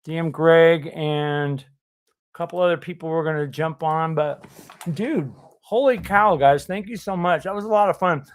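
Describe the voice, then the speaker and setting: A man hosting a casual livestream chat, talking in a halting way with many fillers and restarts. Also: a little high. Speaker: livestream host.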